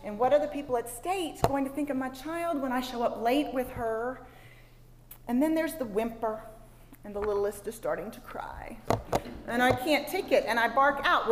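A woman, speaking to a women's gathering and telling a personal sermon story in an expressive way that moves from hushed asides to loud exclaims. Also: a little high, normal speed. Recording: long hall reverb, faint background noise.

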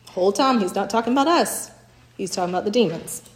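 Speaking fast with lively intonation in a medium-pitched voice, a woman teaches a church talk, weaving in stories with small acted quotes and frequently adding "right?" The setting is an echoey room.

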